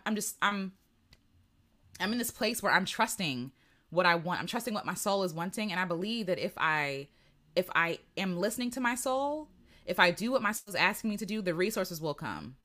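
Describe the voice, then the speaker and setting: A woman hosting a creative retreat stream, talking in an earnest, conversational way about slowing down, with lots of "like" and restarts. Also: mid-range voice, lively intonation, bright, forceful tone. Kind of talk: reflective casual livestream talk.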